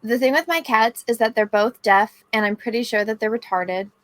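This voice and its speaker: A woman co-hosting a podcast, chatting casually and telling an animated story with excited asides. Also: a little high, moderate pace, no echo. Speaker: podcast co-host. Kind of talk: casual chat.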